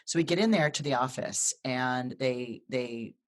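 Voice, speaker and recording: An astrologer co-host chatting casually on a live video. The voice sits at a middling pitch and tells stories animatedly, often stopping, restarting and repeating words. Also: a little slow. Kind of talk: casual live video chat, telling a personal story.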